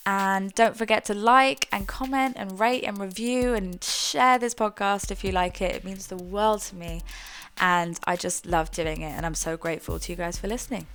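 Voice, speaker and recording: A woman's voice: medium pitch, fairly bright tone, clear, resonant tone. A young woman, introducing her podcast in a chatty, earnest way that is a little self-mocking. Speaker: podcast host.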